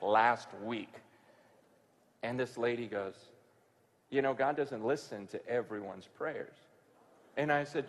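High-voiced pastor telling a story. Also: male voice, in a large hall. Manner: conversational storytelling, swings from hushed to loud bursts. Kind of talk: sermon.

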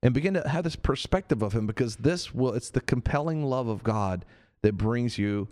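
A man's voice: mid-range voice, expressive, moderate pace, darkish tone. A man preaching conversationally, earnest and repetitive, sometimes acting out the voices he quotes. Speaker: preacher on a radio show.

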